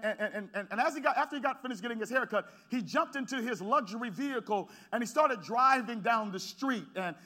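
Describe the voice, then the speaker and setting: A man preaching in church with a very high, bright, ringing voice. He tells stories to the congregation in a low, casual way, then climbs into shouted, fervent preaching. He stacks repeated words as he builds toward each point. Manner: swings from quiet storytelling to shouted preaching; talks directly to the congregation. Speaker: pastor. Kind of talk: sermon with storytelling.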